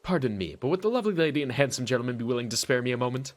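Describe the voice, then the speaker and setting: A man voicing a weary, courteous young male event planner in a lowered, tired voice. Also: lively intonation, racing, close to an everyday voice. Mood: weary polite.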